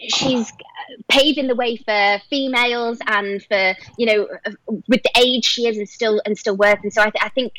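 A young actress and singer from England with a Liverpool accent, chatting enthusiastically as an interview guest and laughing often. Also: female voice, on the high side, fairly even intonation, normal speed, a bit bright, no room sound, poor audio. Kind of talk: casual interview chat.

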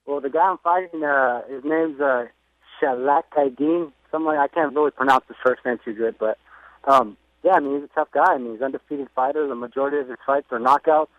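A man's voice: mid-range voice, brisk, no room sound. Hesitant male boxer on a tinny phone line. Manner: hesitant, full of ums and uhs. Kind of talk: phone interview.

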